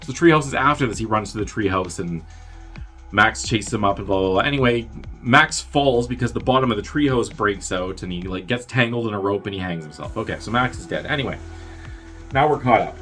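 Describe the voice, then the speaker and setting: A fairly low-pitched man hosts a podcast and talks through a movie's plot in a loose, rambling way. He keeps it offhand and breaks into quick character impressions. Faint music sits under his voice. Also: animated, bright, forceful tone. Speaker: podcast host. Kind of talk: casual movie recap.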